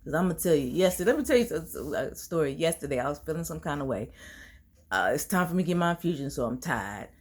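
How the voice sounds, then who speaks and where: A woman's voice: deep voice, expressive, fast. A woman vlogging to her viewers in a casual, slangy, storytelling way, laughing often.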